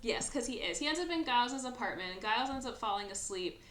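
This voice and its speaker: A woman's voice: a little high, expressive, fast talker, fairly bright tone, roomy sound, slight background noise. A woman hosting a podcast, casually recapping a film with lots of fillers and quoted lines. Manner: rambling retelling with many fillers and acted quotes. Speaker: podcast host. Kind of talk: casual movie recap chat.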